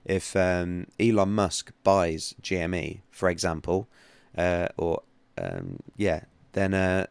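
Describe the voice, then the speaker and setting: Male streamer, deep voice, dry close sound, loose chatty delivery. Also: animated, takes it slowly, creaky, few pauses, clean tone, no echo. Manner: rambling, chatty, many restarts and fillers. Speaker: livestream host, trading analyst. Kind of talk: casual livestream chat.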